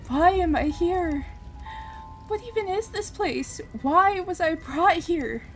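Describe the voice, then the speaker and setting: A woman's voice: very high-pitched, expressive, slow, soft background music, pitched above the performer's own voice, exaggerated voice. A woman voicing a desperate young woman burning in a game, pleading and screaming with a breaking voice. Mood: anguished.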